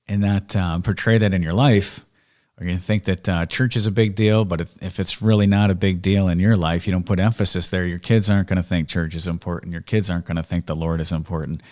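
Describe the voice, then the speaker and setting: Low-voiced man telling family stories. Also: fairly even intonation, a little fast, a little mellow. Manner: storytelling, reflective. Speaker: podcast host. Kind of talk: casual family conversation.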